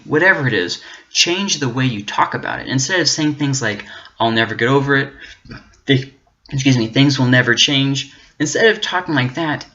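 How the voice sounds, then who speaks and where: Earnest man giving a halting pep talk. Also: medium pitch, sharp tone. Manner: earnest and encouraging, with frequent restarts and repeated words. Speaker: self-help channel host. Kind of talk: motivational faith-based talk. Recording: dull, muffled lo-fi audio.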